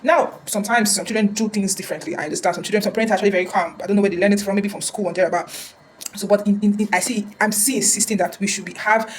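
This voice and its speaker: Fast-talking earnest woman counselor. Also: medium pitch, fairly even intonation, a little hiss or hum, low-quality recording. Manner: earnest, repeats words and restarts often. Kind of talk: casual advice talk.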